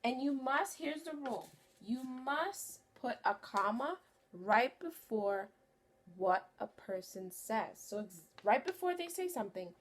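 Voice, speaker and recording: A woman teaching a phonics lesson to young children, speaking clearly and encouragingly. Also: mid-range voice, slight background noise. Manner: slow, clear and encouraging, stretches key words.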